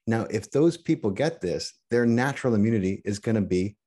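A middle-aged man talking as a podcast guest in casual chat, halting and restarting often. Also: on the low side, lively intonation, dark tone, slightly rough. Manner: halting, many restarts and repeated words.

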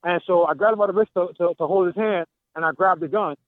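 Phoning in from a gym, a man with a high-sitting voice quickly retells a confrontation for a talk show, acting out the back-and-forth with energy. The tinny line is dry, no echo.

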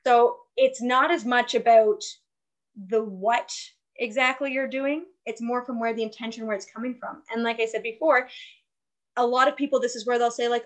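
A woman with a fairly high voice talks as a wellness coach in a conversation. She explains her ideas earnestly and gets animated as she makes her points. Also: moderate pace, low-quality recording. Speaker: guest, fitness and wellness coach. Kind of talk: casual conversational interview.

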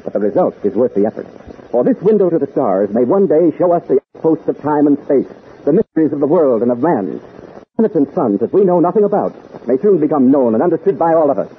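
A man's voice: a little high, sing-song, quick pace. A male announcer giving an earnest scripted public-service talk to young listeners he calls gang. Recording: tinny old radio broadcast with faint noise.

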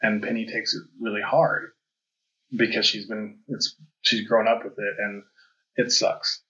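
A man hosting a casual podcast conversation, speaking in a low, fairly flat voice with a bright, forward edge. He talks candidly and reflectively, with plenty of fillers. The audio is dull and lo-fi. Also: measured pace, a little hiss or hum. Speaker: podcast host.

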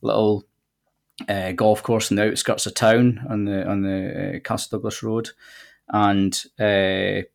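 A man in his forties with a Scottish accent, chatting on a podcast as a guest and telling relaxed, nostalgic stories with plenty of fillers. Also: on the low side, a little slow, creaky. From southwest Scotland. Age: 40s. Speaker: golf links manager guest. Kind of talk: casual podcast chat.

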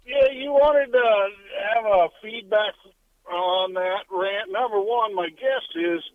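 A man's voice: high voice, takes it slowly, no room sound. A man calling in to a radio show, rambling and hesitant as he thinks aloud over a phone line. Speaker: caller. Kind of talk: call-in radio chat.

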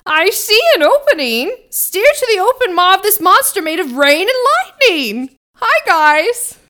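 Woman doing a shrill excited lookout guy. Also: very slow, exaggerated voice. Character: excitable young man shouting from afar.

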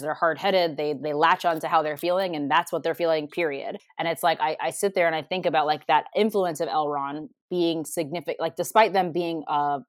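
A woman's voice: deep voice, dry recording, studio quality. A woman co-hosting a podcast in casual chat, enthusiastic and full of "like". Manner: enthusiastic, heavy use of "like". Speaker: podcast co-host.

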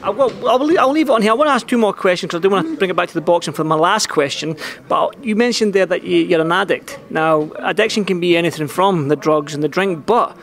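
A man interviewing a boxer, asking his questions quickly and tripping over restarts as he goes. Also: sits high, gravelly, fairly bright tone. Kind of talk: sports interview.

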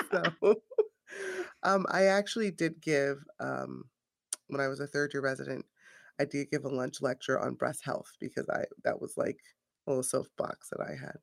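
This woman co-hosts a podcast as a physician and keeps the talk light and playful, laughing through her stories. Her voice carries a gravelly fry. The sound is dry and close, with no room around it. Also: extremely low pitch, steady tone, moderate pace, dry recording. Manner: playful, laughs often while talking. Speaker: podcast co-host, internist physician. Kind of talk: casual chat.

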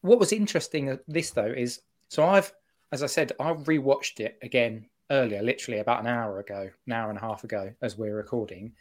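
A man giving his opinion in a casual football podcast chat, rambling and animated. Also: mid-range voice, a little fast. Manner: animated, rambling fan talk.

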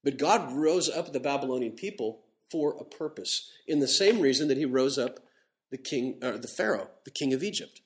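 A middle-aged man preaching a sermon in a lively, conversational way, slowing down to read scripture with emphasis. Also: mid-range voice. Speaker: pastor. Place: church.

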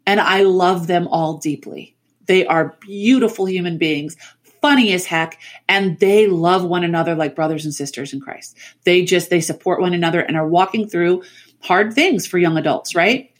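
Animated middle-aged woman telling stories. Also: on the low side, normal speed. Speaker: podcast guest. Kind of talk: casual storytelling chat. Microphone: remote call mic.

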